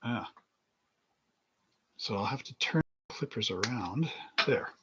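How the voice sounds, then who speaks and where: A man's voice: fairly low pitch, expressive, slow pace, heavy background noise. A middle-aged man hosting a model-building livestream, rambling through anecdotes in casual chat and chuckling often as he works at his bench.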